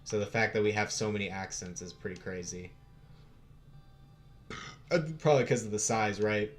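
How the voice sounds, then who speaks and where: Young man, Western American accent, relaxed streamer chat, lowish voice, faint music under. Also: normal speed. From United States. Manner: laid-back, swears casually, chuckles often. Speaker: livestream host. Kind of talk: casual livestream chat.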